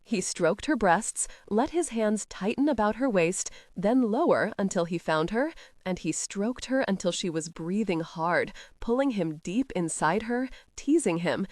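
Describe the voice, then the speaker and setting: A woman narrates a romance audiobook in a close, dry voice. Her pitch rises and falls with lively expression, and she tells the story with intimate, expressive warmth. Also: unhurried, no room sound.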